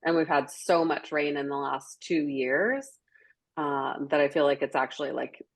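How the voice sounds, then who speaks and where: A woman's voice: low voice, moderate pace. A woman podcast host, chatting casually with many fillers and frequent laughs. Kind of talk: casual chat.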